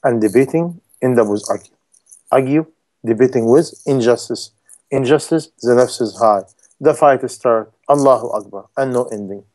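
Male preacher with a mellow, warm tone, broken English sermon delivery that acts out quoted people. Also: medium pitch, normal speed. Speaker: Islamic preacher.

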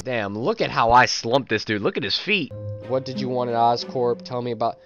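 A young man giving comedic gameplay commentary, with loud excitable reactions, jokes and mumbled asides. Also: medium pitch, moderate pace, lo-fi sound. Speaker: gaming YouTuber. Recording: game music underneath.

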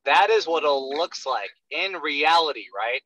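A man's voice: a little high, expressive, unhurried, pushed and bright, rough recording. Swearing, emphatic young male sales coach. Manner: profane, emphatic, keeps asking "right?". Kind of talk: blunt one-on-one coaching talk.

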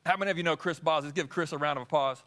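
A man's voice: a little high, racing, a bit bright, a little hiss or hum. A man preaching a sermon in church, asking the congregation questions as he talks. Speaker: pastor. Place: church sanctuary.

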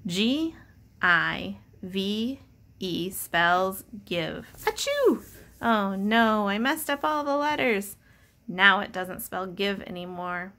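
A woman teacher speaks very slowly and deliberately, in a bright, crisp voice. She is patient and encouraging and sounds out each letter for young readers. Her tone is steady, clear and friendly. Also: mid-range voice. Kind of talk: slow, clear early-reading lesson.

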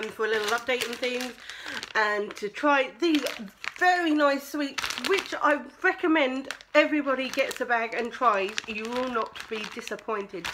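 A woman's voice: a little high, background noise. A woman vlogging casually at home, chatting with her mouth full as she tries sweets. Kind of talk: casual taste-test vlog.

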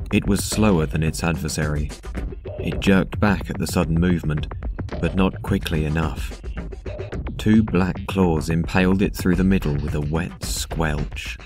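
A man reading a dark story aloud in a measured, even narration. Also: deep voice. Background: synth music.

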